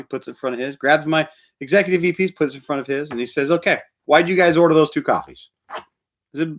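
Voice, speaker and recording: Animated male preacher telling a story. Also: medium pitch. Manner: animated storyteller, quoting others. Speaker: pastor. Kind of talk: storytelling sermon.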